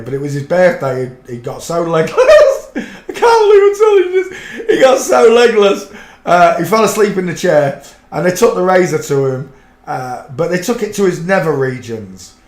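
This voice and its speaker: Chatty man telling rambling stories. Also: on the high side. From a fishing town. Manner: rambling, colloquial anecdote-teller. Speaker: livestream host. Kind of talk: casual storytelling chat. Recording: roomy echo.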